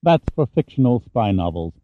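A man's voice: medium pitch, big pitch swings, narrow, tinny audio, a little hiss or hum, close to an everyday voice. Man voicing Delphi, a smug sneering villain. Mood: contemptuous. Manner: sneering, smug, coldly measured. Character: cold scheming male villain, middle-aged, contemptuous. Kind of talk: audiobook character reading.

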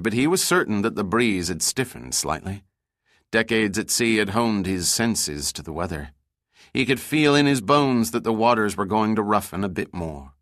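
A man giving measured, scripted audiobook narration of an adventure novel. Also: lowish voice, dry recording, clean studio sound. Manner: even, measured storytelling.

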